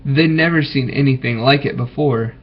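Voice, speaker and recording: A man reading a storybook aloud to his children, gentle and stopping to ask them questions. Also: medium pitch, normal speed, husky. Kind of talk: bedtime story read aloud. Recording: dull lo-fi recording.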